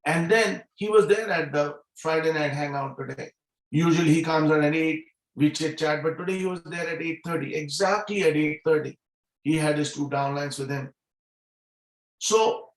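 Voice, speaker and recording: A middle-aged man delivers a motivational talk over a video call. His voice sits a little high and he hammers home points by repeating key phrases. The sound is echoey, as from a bare room. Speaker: guest speaker at a business meeting.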